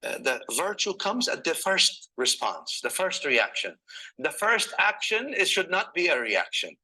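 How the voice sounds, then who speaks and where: A male preacher with a high voice delivers a sermon and retells old stories. He slips Arabic scripture recitation between his English explanations. He keeps turning to his listeners with rhetorical questions, and his tone is very bright and sharp. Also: very animated, a little slow, rough recording. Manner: asks the audience rhetorical questions.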